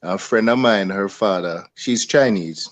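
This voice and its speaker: A man's voice: lowish voice, a little slow, dry recording. A man telling a wry story in a casual chat on a video call.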